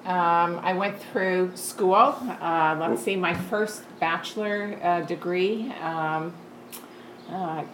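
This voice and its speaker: Guest: older woman from Canada, lowish voice, relaxed chat, echoey porch. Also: slow, a little hiss or hum. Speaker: podcast guest. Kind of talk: casual interview. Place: screened-in porch.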